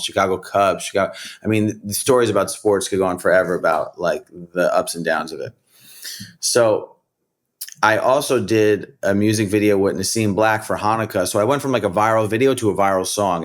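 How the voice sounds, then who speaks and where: A middle-aged man, a rapper and comedian telling stories in a casual interview, rambling with lots of "like" and "you know". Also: low voice. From United States. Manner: rambling, animated, many "like" and "you know" fillers. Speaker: rapper and comedian, podcast guest.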